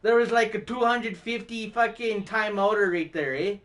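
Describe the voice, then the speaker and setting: Laughing, swearing man with a high voice. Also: moderate pace, a bit bright. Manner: laughs often, swears a lot, tells rambling stories. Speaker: music stream host. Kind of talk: casual chat.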